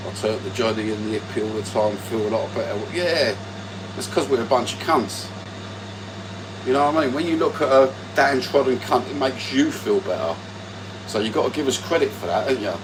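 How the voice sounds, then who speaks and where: A man's voice: medium pitch, background noise. A man, hosting a casual livestream from home with crude, sweary banter into his phone. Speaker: livestream host.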